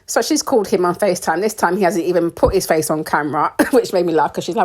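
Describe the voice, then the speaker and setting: A woman's voice: fairly low pitch, fast talker, few pauses, a little mellow, slightly rough. A young British woman giving casual, opinionated commentary on a reality show, with sarcasm and frequent laughs. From United Kingdom. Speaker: reality TV recap host.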